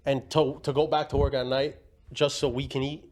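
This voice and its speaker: A man's voice: mid-range voice, little pitch movement, moderate pace, a little mellow, a little hiss or hum. A young man telling family stories in a rambling, slangy way, laughing as he goes. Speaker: guest. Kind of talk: casual storytelling.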